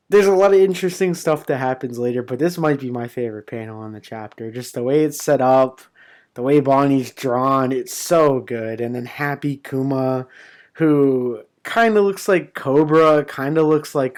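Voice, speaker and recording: Young dude hyped up going through a chapter, lots of "man" and uh, swears a bunch, mid pitch. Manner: excited, rambling, swears, many fillers and restarts. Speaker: manga chapter reviewer. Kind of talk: casual recap and commentary.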